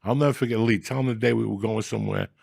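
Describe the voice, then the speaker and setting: A man telling comic stories on a podcast in a gravelly, profane, ranting way, with loud bursts when he acts out scenes. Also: fairly low pitch, steady tone, rapid-fire, no echo, studio quality. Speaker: podcast host. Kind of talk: casual comedic storytelling.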